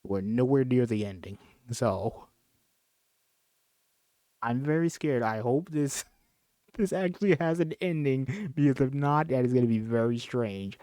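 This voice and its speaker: A man's voice: mid-range voice, measured pace, long pauses, mellow, dry recording. Brief: casual male script reader, chatty and jokey, close dry mic. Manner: chatty, laughs, jokes and apologizes between lines. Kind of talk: casual script reading with commentary.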